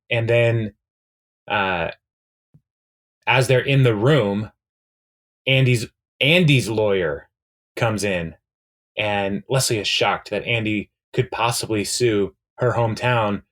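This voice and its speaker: A man's voice: on the low side, slow, long pauses, fairly bright tone. Rambling man recapping an episode. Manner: rambling, many fillers, retells scenes with quoted lines. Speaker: podcast co-host. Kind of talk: casual chat recapping a TV episode.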